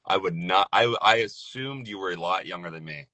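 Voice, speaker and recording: A low-pitched man talks casually as a podcast guest, animated and joking, with a habit of restarting his sentences. The sound is dry and close. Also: normal speed, dry recording. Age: young adult. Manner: animated, jokey, repeats words when starting. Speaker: guest voice actor.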